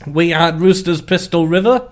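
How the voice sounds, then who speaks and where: A man's voice: a little high, moderate pace, a little hiss or hum. A man co-hosting a podcast in casual chat, grumbling and teasing dryly. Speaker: podcast co-host.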